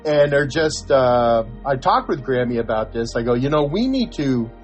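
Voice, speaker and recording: A man's voice: mid-range voice, expressive, moderate pace, soft background music. An older man, a podcast co-host, telling a story in casual chat, chuckling and acting out the quoted voices.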